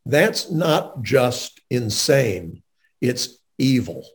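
A man's voice: mid-range voice, sing-song, very slow, creaky. A man interviewing a guest in a faith-based conversation, speaking in an earnest, emphatic way.

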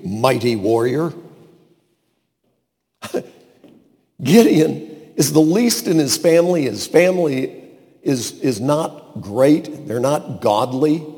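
Slow, lively preacher man in reverberant hall. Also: medium pitch, vocal fry. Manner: dramatic shifts from loud to hushed, acts out quotes. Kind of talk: sermon.

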